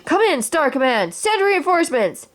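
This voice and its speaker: A woman's voice: medium pitch, normal speed, lightly acted. A woman doing a stiff space-ranger toy. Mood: stern. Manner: formal, commanding delivery.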